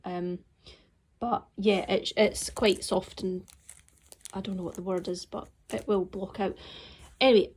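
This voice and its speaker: Soft-spoken Scottish woman, rambling chat. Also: mid-range voice. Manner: rambling and unhurried, frequent ums, drops into soft murmured asides. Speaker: craft vlogger. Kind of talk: casual chat showing knitting projects.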